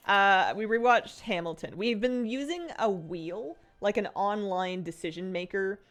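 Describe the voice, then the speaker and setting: A woman's voice: medium pitch, a little slow, a bit bright. A young woman streaming a game, chatting casually in a rambling way and laughing often. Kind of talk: casual chat while gaming.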